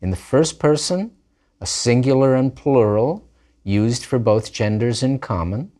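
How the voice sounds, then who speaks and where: A language teacher gives a recorded grammar lesson, patiently drilling forms through repeated examples and pronouncing Hebrew words with an Israeli Hebrew accent. His voice is mid-range, mellow, and a little slow.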